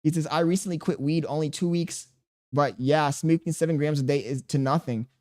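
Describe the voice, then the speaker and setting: A man's voice: fairly high pitch, fairly quick. A man live streaming, reading his chat aloud and bantering back in profane, slangy talk. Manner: slangy and animated.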